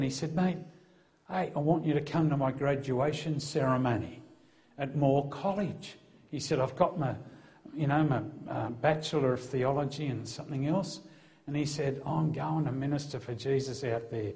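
A man's voice: mid-range voice, a little mellow. A middle-aged man, a former police officer, gives a personal testimony to a live audience in a conversational way, acting out the dialogue with a lifted voice. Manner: conversational storyteller who acts out the dialogue, lifting his voice for quotes.

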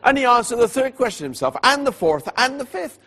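Gravelly, husky man telling a story. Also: very high voice, a little fast. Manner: animated storyteller who voices the people in his tale; drops to a hushed, quiet delivery at solemn moments. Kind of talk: storytelling sermon.

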